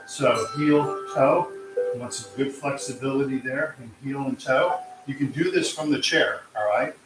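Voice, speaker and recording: Calm male tai chi instructor, roomy. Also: mid-range voice. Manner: calm, counting out slow cues. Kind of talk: guided exercise class instruction. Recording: roomy, distant mic with music.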